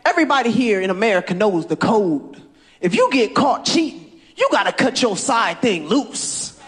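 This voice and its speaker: A man in his thirties doing a stand-up set, shouting jokes to a crowd. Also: high voice, very animated, normal speed. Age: 30s. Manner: loud, jokey, shouting to a crowd. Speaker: stand-up comedian. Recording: archive stage clip with crowd. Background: audience crowd.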